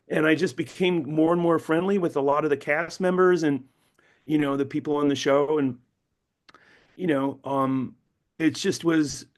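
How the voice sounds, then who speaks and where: A middle-aged man, a novelist being interviewed, telling stories animatedly, acting out quotes and often repeating words as he restarts. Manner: animated, acts out quotes with big pitch jumps. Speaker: novelist guest.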